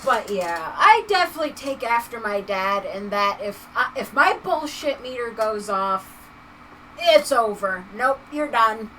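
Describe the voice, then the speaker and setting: A woman's voice: fairly high pitch, expressive, measured pace, sharp tone, recorded from a distance, slight background noise, low-quality recording. A woman chatting casually on a live stream, laughing often and reading chat messages aloud while she works.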